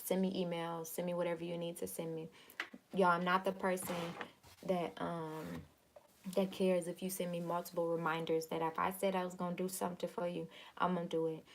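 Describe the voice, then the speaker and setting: A woman's voice: fairly low pitch, flat delivery, fairly quick, creaky, slight background noise. A woman in her thirties hosting a casual live video, earnest and repetitive, often saying y'all. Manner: earnest, repeats herself, says y'all. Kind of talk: casual live-stream talk.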